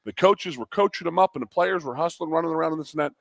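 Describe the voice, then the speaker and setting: A man's voice: a little high, fast, vocal fry, no room sound. Worked-up man on sports talk. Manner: animated, worked up, repetitive restarts. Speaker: co-host, former player. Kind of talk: sports talk show chat.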